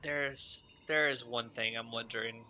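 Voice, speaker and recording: Hesitant man with a bright voice. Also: mid-range voice, fairly even intonation, a little hiss or hum, rough recording. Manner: hesitant, halting, many fillers. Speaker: player. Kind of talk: in-character tabletop role-play.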